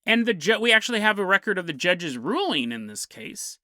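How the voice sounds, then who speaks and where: A man's voice: sits high, sing-song, a little fast, bright, forceful tone, no room sound, clean studio sound. A man hosting a podcast, telling a strange story with a comedic bent and chuckling through his jokey asides. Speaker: podcast host.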